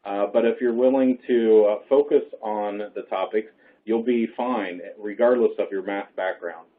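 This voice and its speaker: A low-voiced male professor answers questions in an online webinar. He is hoarse and losing his voice, but he stays reassuring and breaks each point down step by step. The sound is thin and phone-like. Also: fairly even intonation, moderate pace. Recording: phone-like line.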